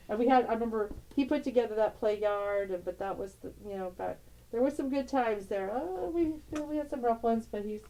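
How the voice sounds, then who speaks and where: Middle-aged woman vlogger, warm mellow tone, rambling, tender, quick to laugh. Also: mid-range voice, poor audio. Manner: rambling, tender, laughs often, broken-off sentences. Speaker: tarot channel host. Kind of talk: casual emotional vlog, showing family photos.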